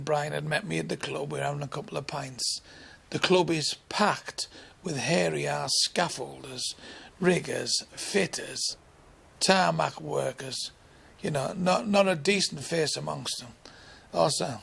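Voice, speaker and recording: Gravelly Northern English man telling a bawdy story. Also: on the high side, moderate pace, fairly bright tone. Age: 60s. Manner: bawdy, swearing, acts out the others' lines. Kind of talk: anecdotal storytelling.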